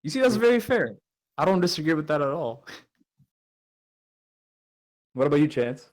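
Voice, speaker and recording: A young man hosting a casual chat podcast, relaxed and playful, often pausing with "uh" and "like". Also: on the high side, low-quality recording. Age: young adult. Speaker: podcast host.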